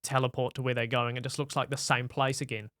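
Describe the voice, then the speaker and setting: A male podcast co-host at a middling pitch, recorded dry and close with no room around him. He keeps a wry, steady tone in casual chat and drives the talk with questions. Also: fast, dry recording. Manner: wry, steady, prompts the discussion.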